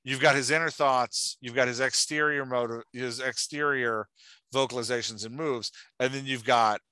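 A man chats eagerly as a podcast host. His voice is bright and forceful, and the dry recording keeps it close and upfront. He talks fast and loose, full of fillers. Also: medium pitch, fairly even intonation, clear, resonant tone, dry recording. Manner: enthusiastic, chatty, lots of "like". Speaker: podcast host giving writing feedback. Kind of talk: casual chat.

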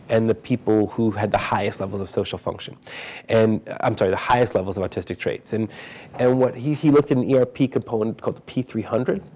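A man with a fairly low voice presents research to an audience. He talks quickly and conversationally, often breaking off and restarting his phrases as he goes. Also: darkish tone. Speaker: lecturer. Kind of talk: academic lecture. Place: lecture hall.

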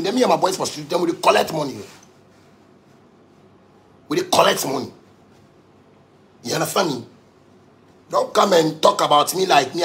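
A man with a Ghanaian accent delivering an angry, profane rant to his audience, repeating himself for emphasis. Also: fairly high pitch. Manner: heated, profane, repetitive.

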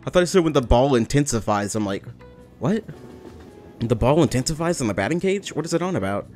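A young man giving excitable, jokey commentary over a video game, breaking into yelled bursts. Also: medium pitch, brisk, soft background music. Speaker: gaming YouTuber.

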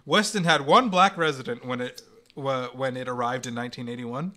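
A young man with a bright, sharp-edged voice chats casually as a co-host. He cracks crude jokes in a deadpan way. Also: medium pitch, fairly quick. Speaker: podcast co-host. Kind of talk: casual chat.

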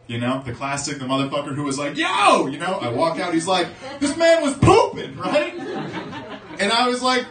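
A young man from South Florida doing a profane stand-up set, telling a story and suddenly shouting the voices of the people in it. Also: a little high. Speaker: stand-up comedian. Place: comedy club stage. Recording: roomy club sound from a distance, crowd audible.

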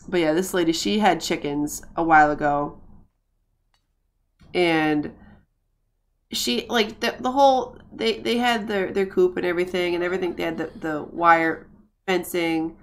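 A woman's voice: fairly low pitch, moderate pace, pauses often. A woman from the United States chatting casually while streaming a life-sim game, rambling with frequent restarts and laughs.

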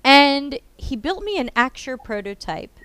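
A woman hosting a podcast, talking about mentoring in an earnest, heartfelt and expressive way. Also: sits high, measured pace, no echo. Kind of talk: casual podcast conversation.

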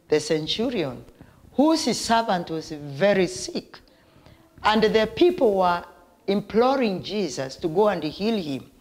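A woman preaching a sermon at a deliberate, unhurried pace. Her voice sits at a middle pitch. She leans into emphatic declarations and prayers spoken straight to the listener.

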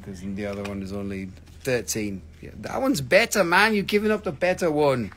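A man hosting a live stream where he sells rocks, gushing excitably over each stone, swearing freely and bantering with viewers. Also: mid-range voice, normal speed, slight background noise. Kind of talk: live sales stream chat.

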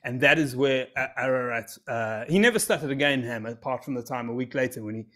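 A man's voice: mid-range voice, fast, fairly bright tone. Jokey man retelling a story. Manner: jokey, self-amused, rambling asides. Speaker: comic storyteller. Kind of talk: comedic retelling of a scripture story.

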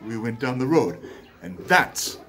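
A man hosting his channel, telling a personal story in a lively monologue and acting out the dialogue. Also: mid-range voice, unhurried. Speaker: channel host.

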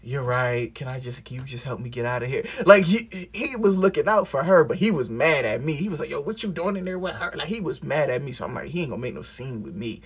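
Animated young man telling a story. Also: mid-range voice, a little fast, few pauses, slightly rough. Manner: animated, acts out quoted voices. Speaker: vlogger. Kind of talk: casual storytelling. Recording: music playing behind the voice.

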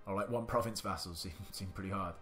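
A man's voice: sits low, fast, fairly bright tone, faint music behind. A man giving indecisive let's-play commentary, muttering to himself and swearing now and then. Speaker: gaming channel host.

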